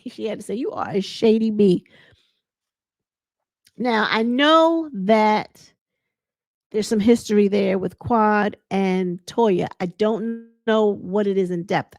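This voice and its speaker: A woman casually recapping a reality show, chatty and animated, retelling scenes with laughs and dramatic asides. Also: mid-range voice, gravelly, dry recording, clean studio sound.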